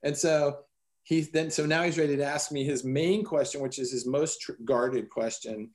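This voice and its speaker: A man's voice: fairly high pitch, normal speed. A man being interviewed, earnestly telling a personal story and acting out bits of dialogue. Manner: earnest, animated retelling with quoted dialogue. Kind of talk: conversational storytelling.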